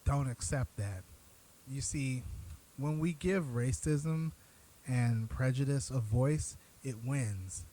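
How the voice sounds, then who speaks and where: A man's voice: mid-range voice, takes it slowly, mellow, slight background noise, rough recording. Blunt, earnest male show host. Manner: earnest, blunt, profane when riled. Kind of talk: direct-to-camera commentary.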